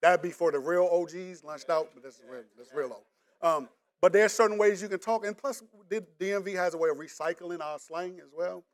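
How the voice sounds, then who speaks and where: Middle-aged man from the DC area with a local accent and a fairly high voice; a pastor giving a relaxed, joking sermon. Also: brisk. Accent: Washington DC area. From Washington DC area. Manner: casual, joking, talks straight to the congregation. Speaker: preacher. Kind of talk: conversational sermon.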